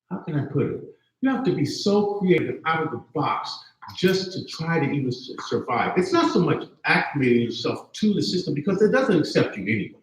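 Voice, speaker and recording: A man in his fifties, speaking from the audience at a campus panel. He talks with passion, swears freely and keeps asking whether he is understood. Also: mid-range voice. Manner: passionate, profane, keeps asking "you see what I'm saying". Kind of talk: impassioned spoken comment. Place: campus event hall. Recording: very echoey live room.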